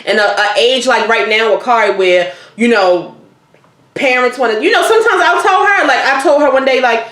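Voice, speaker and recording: Woman host, high voice, blunt and profane, recorded in a roomy space. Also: normal speed. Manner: blunt, profane, animated storytelling. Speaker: podcast host. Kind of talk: casual chat. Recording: roomy echoey room.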